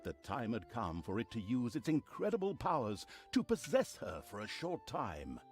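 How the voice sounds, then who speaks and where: An actor narrating a video game with sardonic, mock-grand storytelling. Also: male voice, medium pitch, huge pitch swings, normal speed. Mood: dry wit. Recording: game audio with music behind.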